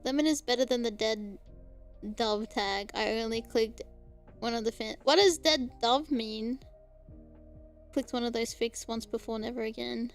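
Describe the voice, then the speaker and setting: A woman's voice: fairly high pitch, fairly even intonation, unhurried, faint music behind. A young Australian woman streamer chatting casually, giggling often and breaking into squealing laughter. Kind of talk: casual live-stream chat.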